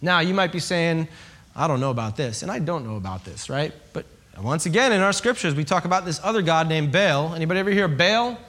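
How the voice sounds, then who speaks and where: A man's voice: fairly high pitch, very animated, quick pace, few pauses, a bit bright. A man preaching a sermon, telling stories in a humorous, conversational way and checking in with his listeners. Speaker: pastor.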